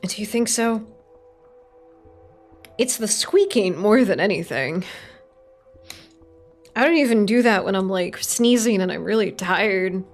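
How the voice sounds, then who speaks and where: A woman streamer talks casually while she crafts, her voice sitting at a middle pitch with a gravelly fry running through it. She rambles from one thought to the next, swears now and then and pokes fun at herself. Faint music plays underneath. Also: expressive, unhurried, long pauses. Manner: rambling, sweary, self-mocking.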